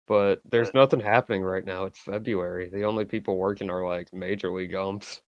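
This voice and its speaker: A teenage guy sitting in as a podcast guest, deadpan and matter-of-fact. His lowish voice comes through a dull, muffled mic with a dry, close sound. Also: brisk, dry recording. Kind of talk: casual podcast chat.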